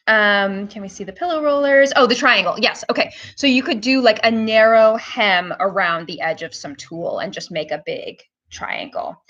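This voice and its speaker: A woman's voice: medium pitch, fairly bright tone, lo-fi sound. Chatty woman hosting a hair tutorial stream. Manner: chatty, filler-heavy, talks to viewers as "guys". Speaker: live stream host.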